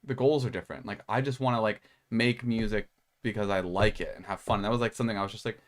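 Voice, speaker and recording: A man's voice: on the low side, steady tone, fast talker. A young man co-hosting a podcast, chatting casually in a rambling way, full of filler words and swearing. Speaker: podcast co-host. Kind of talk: casual chat.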